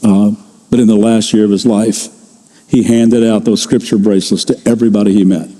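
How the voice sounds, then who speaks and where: An older man preaching a sermon as pastor, telling stories in a conversational way and slowing down to stress key phrases. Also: lowish voice, little pitch movement, warm tone, long reverb tail. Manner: conversational storytelling, slows for emphasis.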